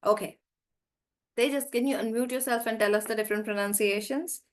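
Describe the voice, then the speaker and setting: A woman's voice: fairly high pitch, fairly even intonation, fairly quick. A woman teaching English pronunciation in an online class, explaining patiently, stretching stressed syllables to demonstrate and calling on students by name. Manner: calls on students by name, asks "right?".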